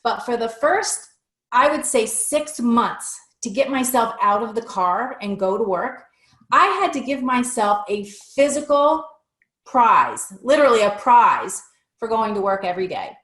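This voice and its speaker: Animated storytelling woman, slightly high voice. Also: measured pace, roomy sound. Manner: animated, acts out past conversations with lively shifts in pitch; fluent with frequent restarts and filler words. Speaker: interview guest. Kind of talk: conversational storytelling.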